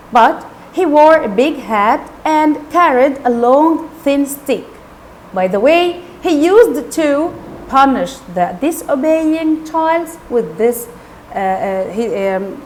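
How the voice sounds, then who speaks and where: A woman teacher retells a classic novel to her pupils, her high voice rising and falling with great animation. She speaks slowly, pausing to explain words, with a faint hiss of noise behind her.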